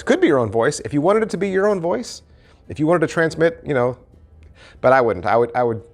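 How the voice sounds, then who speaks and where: A middle-aged man hosting a channel, giving a casual, animated review of a magic trick and repeating phrases for emphasis. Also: medium pitch. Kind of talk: casual product review to camera.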